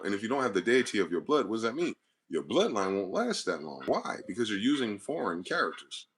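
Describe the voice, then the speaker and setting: A man's voice: lowish voice, fairly bright tone, a little hiss or hum. A man hosting his own channel, talking alone in a rambling, profane monologue built on wordplay. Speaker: channel host. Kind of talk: solo monologue to camera.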